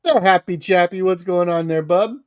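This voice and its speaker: High-voiced man greeting the chat. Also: moderate pace, darkish tone, clear, resonant tone. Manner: cheerfully greets chat viewers by name. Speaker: livestream co-host. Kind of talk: casual livestream chat.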